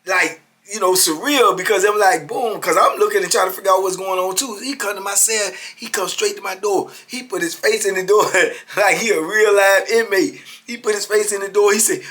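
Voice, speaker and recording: A man in his fifties telling a personal story in a casual, animated street style, full of slang and asides. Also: high voice, normal speed. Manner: animated, laid-back slang, frequent "you know what I'm saying". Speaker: storyteller guest.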